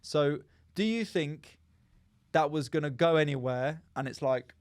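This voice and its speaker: A man's voice: fairly high pitch, a little slow, smooth, no echo. A man hosting a casual podcast, reading listener texts aloud and chatting. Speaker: podcast host.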